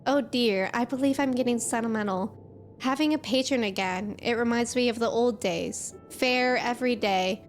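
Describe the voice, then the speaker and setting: Wistful old merchant read by a woman, game dialogue, measured storybook delivery, high voice. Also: soft background music, lightly acted.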